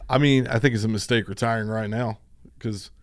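A man co-hosting a morning show, giving steady, opinionated sports talk. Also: on the low side, fairly quick. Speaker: radio co-host.

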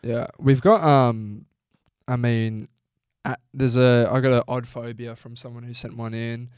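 A man's voice: mid-range voice, steady tone, a little slow, darkish tone, clean tone, no echo, clean studio sound. A young Australian man co-hosting a podcast, bantering casually and giving blunt opinions. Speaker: podcast co-host. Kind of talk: casual chat. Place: podcast studio. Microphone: studio mic.

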